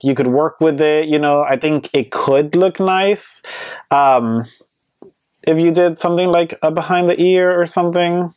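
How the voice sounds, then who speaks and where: A man giving a casual, candid review on his vlog, chatty and hedging with many fillers, with playfully sassy asides. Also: fairly high pitch. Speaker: beauty vlogger reviewing wigs. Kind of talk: casual product review chat.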